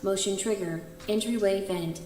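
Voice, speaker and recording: Woman as a clipped, flat facility announcer, mid-pitched, echoey game audio. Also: moderate pace, slight background noise, natural voice.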